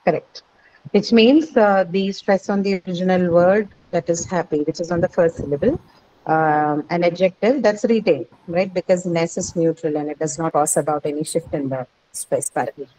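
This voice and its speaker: A woman's voice: fairly low pitch, moderate pace, dark tone, low-quality recording. Patient woman teaching an online English class. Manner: patient, explanatory, repeats "correct" and "right".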